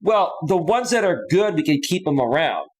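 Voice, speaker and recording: This man's voice sits on the high side and swings widely in pitch at a moderate pace. Hosting a live stream, he chats casually, reads viewer donations and comments, and often drops "bro" and "man" in a laid-back way.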